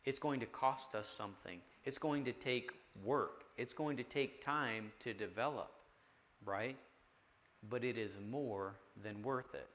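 A man's voice: medium pitch, unhurried, fairly bright tone. A man hosting a faith discussion, affirming guests and teaching in a preacher's manner.

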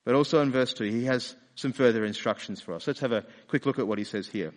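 Preacher in a reverberant hall. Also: male voice, mid-range voice, fast. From Australia. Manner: conversational, asks rhetorical questions. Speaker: pastor. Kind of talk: sermon.

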